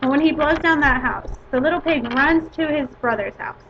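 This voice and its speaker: A woman teacher giving a lesson to her class, explaining a story and an activity step by step in a measured way. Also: sits high. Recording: dull lo-fi recording with faint hiss.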